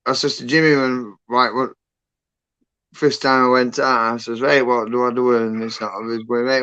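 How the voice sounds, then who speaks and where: Rambling man, smooth voice. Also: mid-range voice, a bit bright, no room sound, dull audio. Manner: rambling, full of fillers like "and that". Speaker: guest on a livestream. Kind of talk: casual chat.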